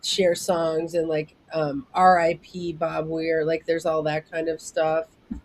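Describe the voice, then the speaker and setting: A woman's voice: sits low, flat delivery, measured pace, a little mellow. A woman producer leading a casual planning meeting over a video call, talking in a chatty way with many fillers. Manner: chatty, full of "like" fillers, acts out quotes.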